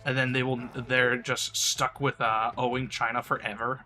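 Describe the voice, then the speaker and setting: Young male streamer, bright voice, crude mocking rants. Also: medium pitch, level tone, moderate pace, faint music behind. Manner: crude, mocking, laughs often. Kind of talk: casual game-stream rant.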